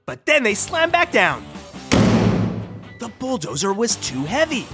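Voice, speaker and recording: A woman narrating a children's storybook in an expressive, animated read-aloud manner. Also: a little high, a little slow, over loud music.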